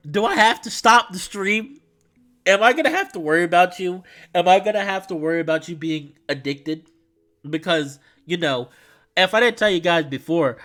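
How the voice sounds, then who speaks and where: Male streamer, excitable, giggly, rambling, reads a visual novel aloud. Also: on the high side.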